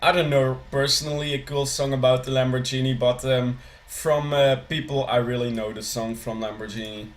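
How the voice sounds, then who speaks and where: A young man commentating a strategy game with mock-serious deadpan humor, hesitating with frequent ums. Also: medium pitch, moderate pace, hardly any pauses. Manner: hesitant, lots of ums, dry jokes. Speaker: gameplay commentator.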